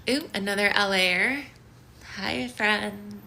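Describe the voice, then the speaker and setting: A woman teaching a live-streamed yoga class, giving slow, soothing cues and bubbly greetings to viewers. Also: medium pitch, creaky, sharp tone. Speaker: yoga instructor. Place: home studio in downtown Los Angeles.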